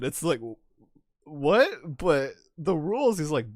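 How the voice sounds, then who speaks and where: A man hosting a stream, talking in a loose, rambling way with plenty of laughter. His pitch swings widely as he talks. The sound is dry and close. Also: measured pace, no room sound. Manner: animated, laughs often, rambling with restarts. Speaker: streamer host. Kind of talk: casual chat.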